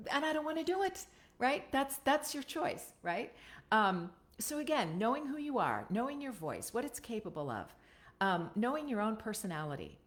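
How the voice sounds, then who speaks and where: A woman with an American accent giving a casual voiceover coaching talk over a live video stream, often checking in with "right?". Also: medium pitch. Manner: chatty, ends points with "right?". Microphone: computer webcam stream.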